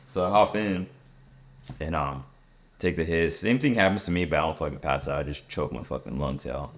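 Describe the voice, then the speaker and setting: A young man hosting a casual podcast, telling a story in a laid-back, profane and lively way. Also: very deep voice, normal speed. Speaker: podcast host.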